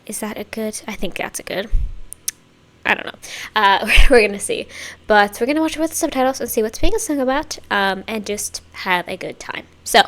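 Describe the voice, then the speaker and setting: A woman's voice: mid-range voice, fairly bright tone. Chatty woman reacting to music. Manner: chatty, rambling, hums and murmurs along. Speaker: reaction channel host. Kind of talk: casual music reaction commentary.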